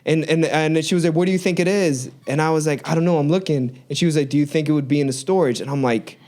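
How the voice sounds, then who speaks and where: Male co-host with a slightly high voice, lively storyteller who voices every character in his anecdotes. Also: fast. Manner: animated storyteller, acts out dialogue. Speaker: podcast co-host. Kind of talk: casual faith chat.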